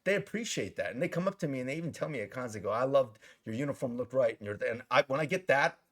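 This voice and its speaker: A middle-aged man, an actor, telling stories in a casual interview, animated and swearing freely. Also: mid-range voice, racing.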